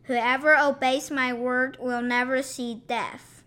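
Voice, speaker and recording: High, bright-voiced woman reading scripture. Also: flat delivery, takes it slowly, smooth. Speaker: scripture reader.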